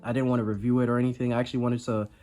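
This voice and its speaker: A man's voice: medium pitch, flat delivery, rapid-fire, dark tone, soft background music. A man with a congested voice, under the weather, giving a rambling, self-deprecating toy review in a casual chat. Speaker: action figure reviewer.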